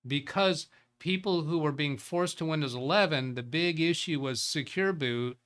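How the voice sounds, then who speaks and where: A man's voice: fairly high pitch, moderate pace, a bit bright, smooth. A man hosting a live tech show, reading viewer chat and thinking aloud in a loose, rambling way. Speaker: tech livestream host.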